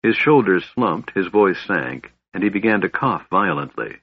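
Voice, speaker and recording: A man narrating a fantasy audiobook in a measured storytelling manner. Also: sits low, big pitch swings, breathy edge, highs cut off.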